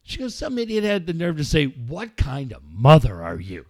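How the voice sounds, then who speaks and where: A man in casual chat, telling a profane, animated story to a friend. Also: a little high, moderate pace, no room sound, clean studio sound. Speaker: podcast co-host telling a story.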